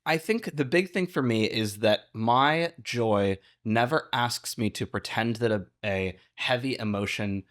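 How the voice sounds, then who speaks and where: An earnest, upbeat young man chatting as a podcast guest. His voice sits at an ordinary middle pitch. He bursts into lively, playful jumps when quoting others. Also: a little slow, few pauses. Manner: earnest and upbeat, acts out quoted lines with animated shifts. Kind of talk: casual podcast conversation.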